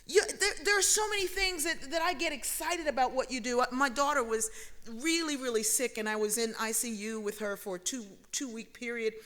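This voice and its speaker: Bright, high-voiced woman telling stories. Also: a little fast. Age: middle-aged. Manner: humorous, lively, acts out dialogue in anecdotes. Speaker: speaker addressing an audience. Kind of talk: storytelling speech.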